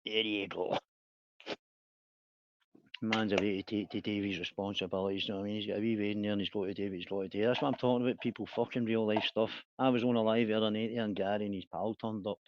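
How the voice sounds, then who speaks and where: Low-voiced man ranting. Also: steady tone, fast, dull audio. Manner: swears a lot, rambling, laughs often. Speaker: livestream host. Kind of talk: casual livestream chat.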